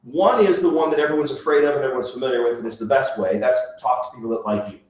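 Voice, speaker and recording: A man's voice: medium pitch, fast talker, darkish tone. A middle-aged man presenting at a business meeting in a chatty, self-mocking way, laughing often and using many fillers. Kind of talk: casual joking talk to a room. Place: meeting room. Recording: echoey room, voice far from the mic.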